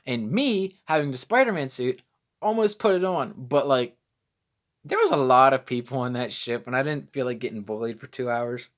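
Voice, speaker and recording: A man's voice: mid-range voice, expressive, normal speed. A young man vlogging casually, rambling and self-deprecating as he loses his train of thought. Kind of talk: casual vlog storytelling.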